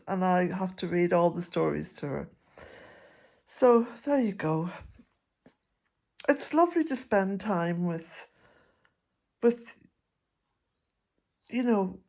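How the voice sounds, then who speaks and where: An older woman, chatting to camera in a gentle, rambling way and chuckling often. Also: medium pitch, creaky. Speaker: vlogger. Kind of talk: casual chat to camera.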